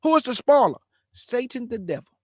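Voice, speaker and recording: High-voiced fast-talking preacher man. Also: big pitch swings, darkish tone, no room sound, studio quality. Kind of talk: live-streamed bible teaching.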